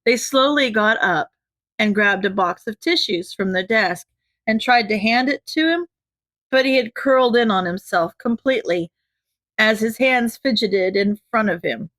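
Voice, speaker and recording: A woman narrating a fan fiction audiobook in a measured, gentle way. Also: mid-range voice, expressive, no room sound. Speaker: audiobook reader.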